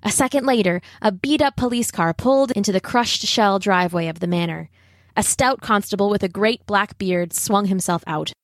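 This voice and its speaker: A woman narrating a children's story aloud in a measured, gently expressive reading style. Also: mid-range voice, no echo, clean studio sound. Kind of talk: audiobook narration.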